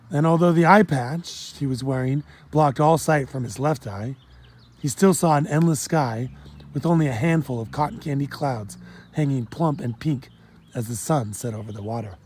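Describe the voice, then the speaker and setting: A man reading a children's storybook aloud in a steady, plain storytelling manner. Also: a little high, moderate pace. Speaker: audiobook narrator. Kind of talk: storybook narration.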